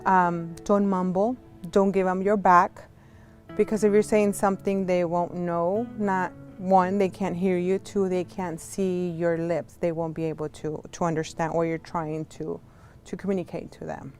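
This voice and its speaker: A woman teaching a virtual class as a sign language interpreter, slow and clear, going through letters one by one and explaining with friendly examples and asides. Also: lowish voice, little pitch movement, darkish tone, faint music behind. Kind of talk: casual instructional talk. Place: home, on a video call. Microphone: video call.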